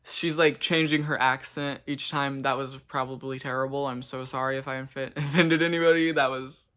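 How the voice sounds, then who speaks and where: A man's voice: medium pitch, steady tone, moderate pace, a bit bright, clean tone. A man giving casual, gushing reaction commentary to a show, swearing and saying "like" a lot. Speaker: reaction vlogger.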